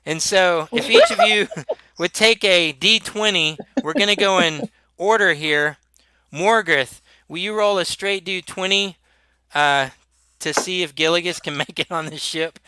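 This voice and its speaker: A man narrating as game master of a tabletop role-playing game, with many halting restarts. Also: sits high, pushed and bright, clear, resonant tone, no echo.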